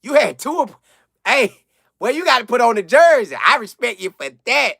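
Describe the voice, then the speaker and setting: Young man hosting a live stream, high-pitched and excitable, close dry mic, loops back on his own words for emphasis. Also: normal speed, vocal fry, dry recording. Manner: animated, excitable, repeats phrases for emphasis. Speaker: live-stream host answering chat. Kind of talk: casual live chat commentary.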